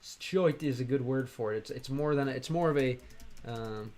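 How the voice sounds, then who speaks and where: A man's voice: medium pitch, darkish tone. American man streaming, chatting hesitantly. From United States. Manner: reads chat aloud, halting Russian, many fillers. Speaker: streamer learning Russian. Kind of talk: casual live-stream chat.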